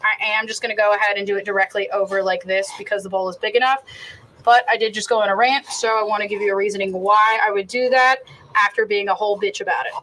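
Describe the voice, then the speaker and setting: A woman's voice: medium pitch, steady tone, quick pace, fairly bright tone, a little hiss or hum, low-quality recording. A woman chef hosting a casual outdoor cooking demonstration, chatty and profane, prone to rambling rants. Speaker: cooking show host and chef. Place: outdoors behind a stadium.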